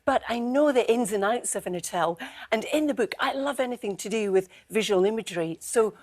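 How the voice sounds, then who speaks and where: A middle-aged woman, a guest author on a studio chat show, talking in a lively storytelling way and acting out the quotes she tells. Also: on the high side, a little fast. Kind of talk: chatty studio interview.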